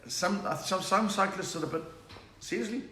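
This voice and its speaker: In an echoey room at home during lockdown, an older South African comedian livestreams a chatty stand-up session, joking and reading viewer comments. His voice is high, bright and forceful at a moderate pace, with a little hiss or hum in the recording.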